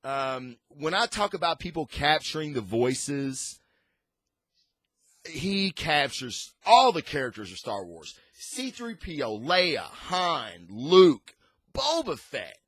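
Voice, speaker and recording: A man's voice: fairly high pitch, wildly swooping pitch, takes it slowly, a bit bright, no echo. A man hosting a casual comic book review, rambling and enthusiastic with frequent restarts.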